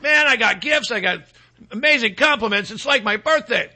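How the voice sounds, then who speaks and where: A man's voice: very high voice, animated, normal speed, sharp tone, slight background noise. A male talk radio host delivering a sarcastic, rambling opinion monologue full of fillers.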